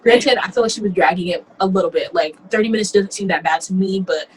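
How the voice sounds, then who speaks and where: A woman's voice: medium pitch, fast talker, slight background noise, low-quality recording. A young woman co-hosting a casual reality-TV recap chat, blunt and opinionated, acting out what others said. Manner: blunt, opinionated, acts out other people's lines. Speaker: podcast co-host.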